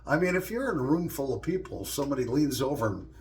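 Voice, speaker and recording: A middle-aged man tells casual stories straight to the camera in a loose, joking way, with plenty of profanity. His voice sits at an ordinary middle pitch for a man. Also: big pitch swings, fast talker, a little hiss or hum. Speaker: vlogger. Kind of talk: casual storytelling monologue.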